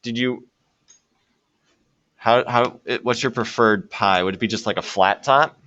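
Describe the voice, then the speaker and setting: A man's voice: mid-range voice, measured pace, fairly bright tone, no room sound, highs cut off. A man teaching a math lesson to a classroom and joking with his students as he works through problems. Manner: jokey, talks to students while working problems. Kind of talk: classroom lecture.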